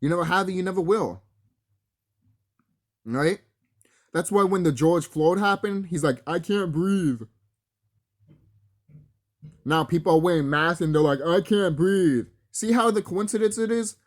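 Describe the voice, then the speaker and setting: A man's voice: sits high, moderate pace, pauses often. A man delivering a solo spiritual rant to camera, profane and confrontational, talking straight at his enemies and laughing between threats. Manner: breaks into laughter, mimics others in quotes. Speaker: vlogger.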